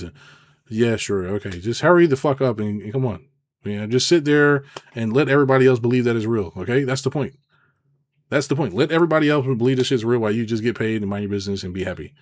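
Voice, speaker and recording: A man's voice: lively intonation, quick pace. Sarcastic, profane man ranting on camera. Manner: swings between loud outbursts and low mutters. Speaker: business consultant. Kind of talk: casual rant to camera.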